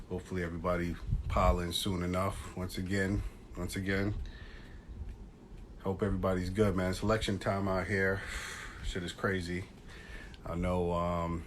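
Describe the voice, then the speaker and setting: A man hosting a casual live stream chat, talking in loose slang and shouting out viewers as they join. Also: low-pitched, slight background noise. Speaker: podcast host. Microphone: phone live stream.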